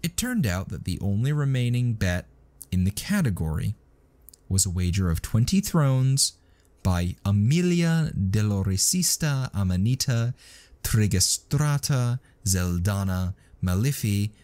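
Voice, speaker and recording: A man reading a story aloud in a steady, scripted narration. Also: fairly low pitch, unhurried.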